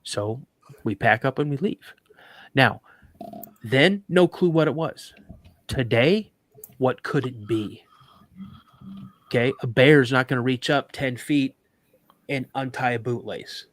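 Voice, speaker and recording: A man telling a story as a guest on a talk show, building the scene vividly and stumbling over restarts as he goes. His voice sits at a middling pitch. The sound is dry and close, with no room echo. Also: slow, pauses often. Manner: vivid, dramatic retelling with stammered restarts.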